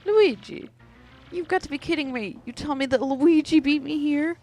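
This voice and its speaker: A blustering turtle-dragon king from a video game, shouting and indignant, his voice pushed high and loud above the player's usual talk, as a let's player puts him on. He bellows every line with hot-headed bluster. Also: unhurried, soft background music, natural voice. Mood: outraged.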